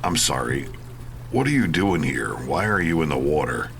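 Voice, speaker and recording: A man's voice: extremely low pitch, big pitch swings, normal speed, gravelly, fairly bright tone, slight background noise, exaggerated voice. An actor playing a wary dead male detective, a demon hunter, in an audio drama.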